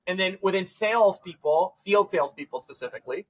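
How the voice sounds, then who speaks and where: Man, podcast guest, lively storyteller, fairly high voice, acts out the dialogue. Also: poor audio. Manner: animated storyteller acting out quoted dialogue; fast, run-on phrasing with restarts. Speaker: tech company CEO, podcast guest. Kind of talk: storytelling in a casual podcast interview.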